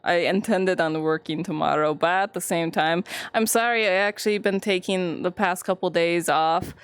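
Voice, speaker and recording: A woman's voice: lowish voice, normal speed, smooth, dry recording. A young woman streamer in casual live-stream chat, rambling, giggling often and swearing freely.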